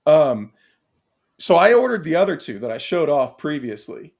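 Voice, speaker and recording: A man co-hosting a casual podcast chat, rambling and excitable, laughing often. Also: a little high, moderate pace, vocal fry. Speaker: podcast co-host.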